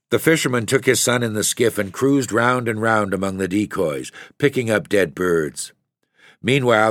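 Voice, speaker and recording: Male narrator, very low voice, dry close sound, measured storybook reading. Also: no echo. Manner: measured, lifting into character voices for dialogue. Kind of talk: reading a literary short story aloud.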